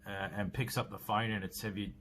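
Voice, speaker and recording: An Australian podcast host in his 40s, with a low-side, steady voice, talks briskly over background noise. He casually recaps a horror film in a rambling way, full of fillers and many restarts.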